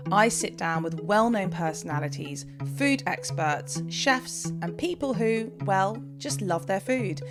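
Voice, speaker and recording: A woman hosts a podcast in a bright, polished, enthusiastic voice. Her pitch is mid-range for a woman. She sounds upbeat and practised as she leads the conversation. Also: expressive, measured pace, hardly any pauses, music in the background. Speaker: podcast host. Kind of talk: ad read and interview hosting.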